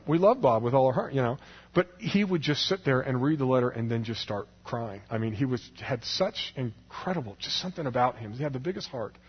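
A man's voice: medium pitch, slightly rough. A man telling a personal story to an audience in a chatty way, laughing often and acting out the people in it. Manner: chatty, laughs often, restarts, acts out quoted voices. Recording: long hall reverb, dull lo-fi sound.

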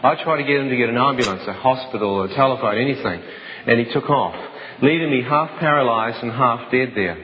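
A man tells a dramatic personal story with an intense, vivid delivery and some restarts. His pitch sits mid-range for a man. The sound is dull and muffled, with a long hall reverb. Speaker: speaker giving a personal testimony.

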